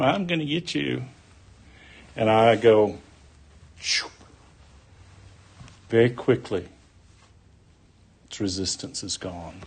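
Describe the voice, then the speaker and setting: A man preaching a sermon, deliberate and folksy, mixing scripture with homespun stories. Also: medium pitch.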